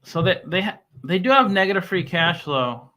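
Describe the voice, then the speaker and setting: Bright-voiced man chatting about stocks. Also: sits high, expressive. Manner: halting, stammering restarts and many fillers; reads scam email aloud mockingly. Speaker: stock commentary YouTuber. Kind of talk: casual chat.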